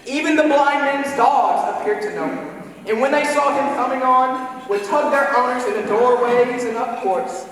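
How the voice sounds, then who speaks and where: A man giving a dramatic recitation of classic prose with a measured storytelling manner at a live event, heard from far off in an echoey hall. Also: very high voice, fairly bright tone. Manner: measured, shifting tempo, storytelling. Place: live event in a historic building.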